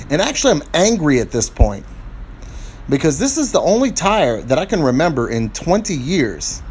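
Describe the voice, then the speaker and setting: A man's voice: a little high, a little mellow. A middle-aged man chatting his way through a DIY tire review, rambling and growing frustrated as he works on his car outdoors. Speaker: product reviewer. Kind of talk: casual DIY review vlog. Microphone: phone camera. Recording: noisy outdoor phone recording.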